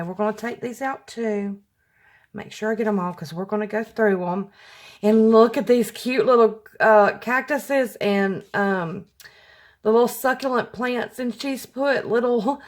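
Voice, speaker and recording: A middle-aged woman talks unhurriedly through a casual unboxing at her craft table. She gushes over each piece, and her voice keeps leaping up high in excitement. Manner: gushing, voice jumps up when excited. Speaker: craft vlogger.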